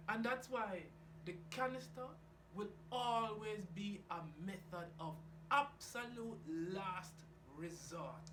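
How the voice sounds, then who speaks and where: A man's voice: high-pitched, animated, a little slow. A man rambling casually about his aquarium hobby, laid-back and swearing freely. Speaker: reef tank hobbyist vlogger. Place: home room by an aquarium, door open to outside. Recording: echoey room with outdoor noise. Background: geese and outdoor ambience.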